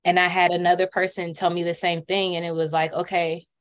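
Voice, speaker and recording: A woman's voice: fairly low pitch, level tone. A young woman, a caterer, speaking candidly at a community workshop panel and often stopping to restart her sentences. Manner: earnest, candid, with halting restarts. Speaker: caterer and business owner. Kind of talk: panel discussion storytelling.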